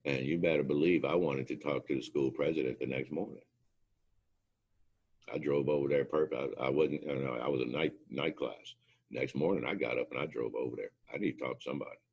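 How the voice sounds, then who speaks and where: A former drill instructor gives a motivational talk built on anecdotes, telling stories emphatically and acting out what people said. His bass voice is husky, creaky and darkish, and he speaks fairly quickly.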